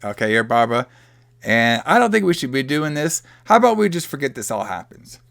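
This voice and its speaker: A man's voice: medium pitch, big pitch swings, brisk, gravelly, fairly bright tone, no echo, clean studio sound. A man voicing a brash male buddy who talks like he knows everything about women, cocky and streetwise. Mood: placating. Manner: cocky, streetwise, calls people man and brother.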